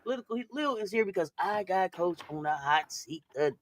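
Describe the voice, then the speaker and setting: Animated high-voiced man hosting a show. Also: brisk. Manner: animated, hype shout-outs to viewers. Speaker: show host. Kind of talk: casual basketball talk show chat.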